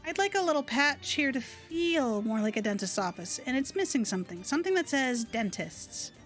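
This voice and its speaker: A cheerful game dentist who delivers silly puns in a breezy, matter-of-fact way, as a woman reads her lines. The voice is high, with faint game music underneath. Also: very animated, moderate pace. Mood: chipper. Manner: upbeat, jokey, matter-of-fact. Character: chipper, pun-loving woman dentist.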